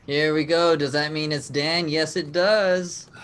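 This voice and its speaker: A man's voice: a little high, steady tone, unhurried, a bit bright, a little hiss or hum. A man hosting an online improv game over a video call, explaining the rules in an upbeat way and laughing often. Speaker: game show host.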